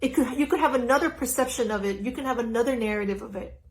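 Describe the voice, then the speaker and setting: A middle-aged woman giving an earnest, animated live-stream talk as a spiritual teacher, speaking into her phone. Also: a little high, quick pace, low-quality recording. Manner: earnest, animated, laughs easily. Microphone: phone on a stand.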